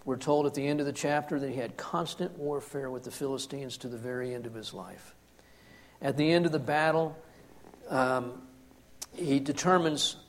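Emphatic preacher man, somewhat high voice. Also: slight background noise. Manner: emphatic, swings from hushed to forceful with repeated words. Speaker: pastor. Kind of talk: sermon.

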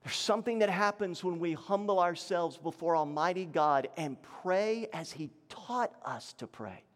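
A male pastor preaching a sermon, swinging between raised emphatic lines and low, hushed ones. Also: expressive, a little slow, big-room sound.

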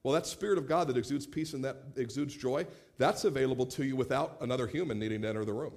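A man in his late thirties preaching a sermon as pastor, animated, acting out quoted voices and repeating words as he starts phrases. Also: medium pitch, fast. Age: 30s.

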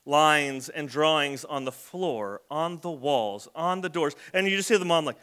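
A man's voice: fairly high pitch, measured pace, sharp tone, clear, resonant tone. A man preaching a conversational sermon as a pastor, telling everyday stories. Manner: conversational storytelling with acted kid voices.

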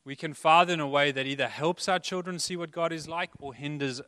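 Bright-voiced preaching man, hall reverb. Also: on the high side, fairly quick, clean studio sound. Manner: earnest, conversational preaching with playful asides. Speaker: pastor. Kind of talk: sermon.

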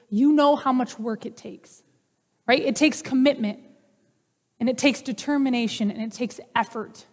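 A woman pastor preaches in a relaxed, conversational way and slips humor into her teaching. Her voice sits somewhat high. The sound carries a long hall reverb. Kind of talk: sermon.

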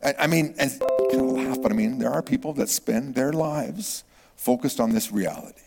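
A middle-aged man preaching a sermon, swinging from loud exclamations to hushed whispers. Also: mid-range voice, normal speed, creaky, over loud music. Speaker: pastor. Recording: long reverb of a large hall.

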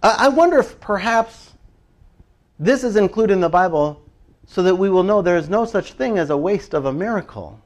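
A man preaching a casual, animated sermon, chatty and laughing often as he acts out little prayers. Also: sits high, normal speed. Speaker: pastor.

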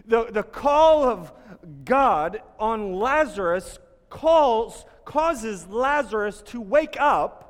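A man preaching a sermon as a pastor, earnest, moving between hushed, soft passages and emphatic ones. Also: extremely high pitch, lively intonation, very slow, in a large hall.

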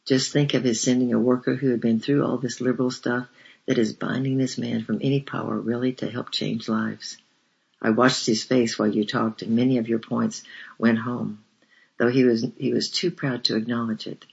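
A man playing a merry young woman missionary worker with a soft Southern US drawl, coaxing and gentle, in a slightly dull lo-fi recording. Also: medium pitch, little pitch movement, moderate pace, vocal fry, breathy edge. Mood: earnest.

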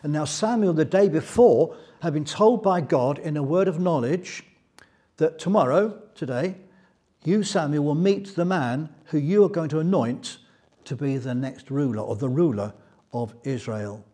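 A man preaching a Bible teaching sermon, retelling scripture in a lively storytelling way. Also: on the high side, normal speed, husky.

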